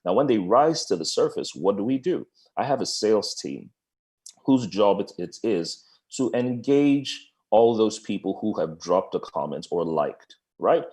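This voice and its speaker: Deep-voiced man coaching over a video call. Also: measured pace. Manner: lively, conversational, playful asides. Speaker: business coach. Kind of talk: webinar presentation.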